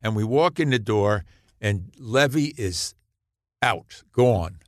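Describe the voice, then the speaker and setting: A man in his eighties, a podcast guest, telling anecdotes in an animated way and laughing at his own punchlines. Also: on the low side, takes it slowly, no room sound, studio quality. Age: 80s. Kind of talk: storytelling in a podcast interview.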